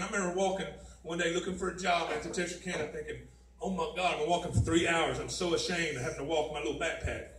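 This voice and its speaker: A man giving a personal testimony at a mission, talking conversationally and repeatedly saying "man" and "you know what I mean.". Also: high voice. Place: mission chapel, roomy hall. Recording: echoey room, voice from a distance.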